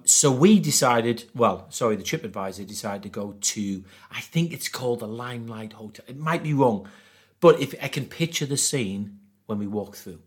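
A man's voice: medium pitch, normal speed. A man from northeast England with a Geordie accent, telling travel stories as a podcast guest and laughing often. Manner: animated, laughs often, acts out quotes. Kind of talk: casual storytelling.

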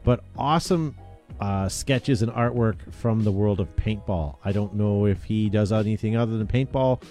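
A man's voice: fairly low pitch, moderate pace, mellow, faint music behind. A man hosting a casual chat show, talking in an upbeat, rambling way with plenty of fillers. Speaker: podcast host.

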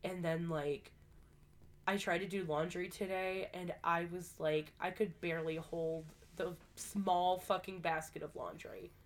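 A woman's voice: fairly low pitch, steady tone, unhurried, hardly any pauses. A woman co-hosting a casual podcast, sick and short of breath, telling stories with lots of swearing and laughter. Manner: profane, laughing storyteller. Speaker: podcast co-host.

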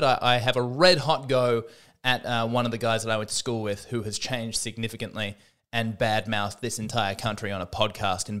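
A man's voice: medium pitch, fairly bright tone, clean tone. A man hosting a podcast, delivering a rambling, self-deprecating comedic monologue with frequent restarts. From Australia. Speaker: podcast host.

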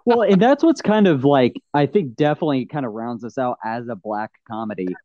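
A man hosting a casual film chat, rambling and excitable, full of "like" and "you know.". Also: mid-range voice, brisk, dry recording. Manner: excitable, often swears. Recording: slightly dull lo-fi sound.

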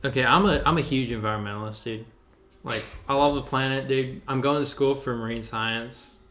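A man's voice: mid-range voice, a little fast, a bit bright, a little hiss or hum. Laid-back young man, casual talk. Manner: laid-back, says "dude" a lot, enthusiastic. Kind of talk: casual chat. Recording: roomy echo.

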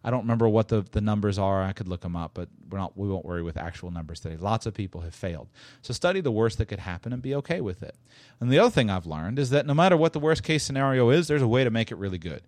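A man's voice: on the low side, lively intonation, fast, a little mellow, no room sound. Rambling, emphatic male podcast host. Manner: rambling and emphatic, with frequent restarts and repetition; chuckles while making a point. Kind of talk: casual solo podcast talk.

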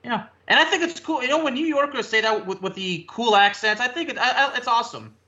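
A man's voice: very high-pitched, lively intonation, fast, pushed and bright. A man whose first language is French, co-hosting a radio show, rambling and correcting himself as he talks. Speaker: radio co-host. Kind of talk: casual radio banter. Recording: slightly dull lo-fi sound.

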